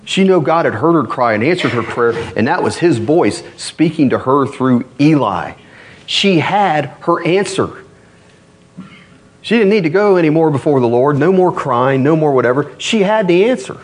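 A man's voice: on the high side, animated, normal speed. A man preaching a sermon, reading scripture passages aloud and asking the congregation rhetorical questions.

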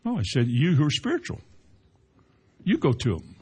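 A man's voice: fairly high pitch, huge pitch swings, moderate pace, a little mellow, husky. A man preaching a sermon as a pastor, growing emphatic as he quotes scripture. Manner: preaching with rising emphasis and Bible quotations.

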